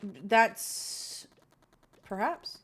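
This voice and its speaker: A young woman streaming a video game, talking in quiet, mumbled asides. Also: medium pitch, lively intonation, drawn-out words, husky. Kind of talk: casual game stream chat.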